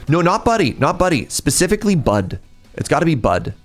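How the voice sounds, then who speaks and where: A man chatting through a live game stream, his voice swinging widely up and down as he reacts. He talks casually and excitably to his viewers, with faint music playing behind him. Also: a little high, a little fast.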